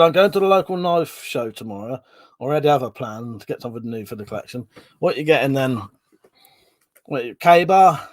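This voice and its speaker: A medium-pitched man hosts a livestream with no room sound, casually reading and chatting about comments. Laughter comes often, and so does swearing.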